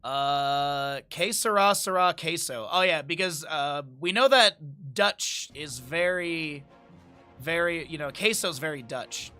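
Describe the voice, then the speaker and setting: A man's voice: on the high side, bright, forceful tone. A man streaming, chatting casually with his chat, laughing often and reading aloud from a menu. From Lake Tahoe area, United States.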